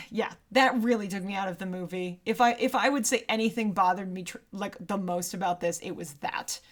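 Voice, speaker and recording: A woman co-hosting a podcast, chatting casually about a movie with quick asides and frequent laughs. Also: medium pitch. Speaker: podcast co-host.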